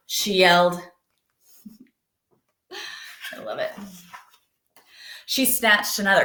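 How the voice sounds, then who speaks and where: A woman teacher reading a picture book aloud to her students, gently asking them questions along the way. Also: on the low side, moderate pace. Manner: gentle, asks children questions. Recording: roomy echo.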